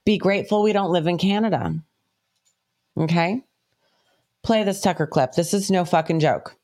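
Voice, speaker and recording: A woman co-hosting a podcast in casual chat, giving brisk reactions and cueing up clips. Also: lowish voice, darkish tone. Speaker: podcast co-host.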